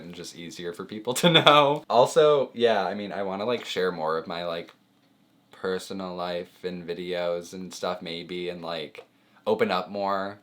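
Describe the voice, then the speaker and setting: A young man chats casually on camera with his girlfriend, appearing as the boyfriend guest. His voice is low and a bit bright, and he comes across giggly and hesitant, laughing often and hedging with lots of fillers.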